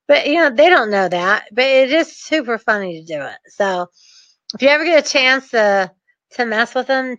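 A woman telling a casual story to camera in an animated, laughing, mischievous way. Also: fairly high pitch, no room sound, lo-fi sound. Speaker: real estate dealmaker.

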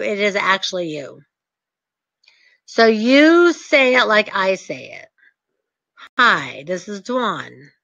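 Confident woman real estate coach, bright and emphatic, slightly high voice, dull dry lo-fi recording. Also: vocal fry, dry recording. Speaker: real estate investor and short sale coach. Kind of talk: teaching talk with acted examples.

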